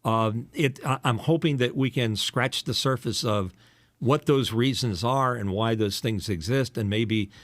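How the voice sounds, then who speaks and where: A man's voice: mid-range voice, measured pace, dry recording. An older man from the eastern United States, a former radio DJ hosting a casual podcast chat. He has a polished radio voice and a teasing, rambling way of talking with lots of fillers.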